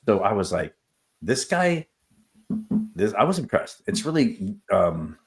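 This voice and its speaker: Low-voiced wrestling coach telling stories. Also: male voice, big pitch swings, moderate pace, soft background music. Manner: storytelling, acts out quoted exchanges, many fillers. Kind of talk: casual interview talk.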